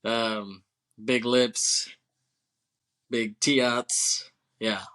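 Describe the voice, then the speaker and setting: A man's voice: mid-range voice, little pitch movement, very slow, sharp tone. A man co-hosting a casual movie podcast, laughing often, swearing and acting out scenes as he recaps. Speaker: podcast co-host.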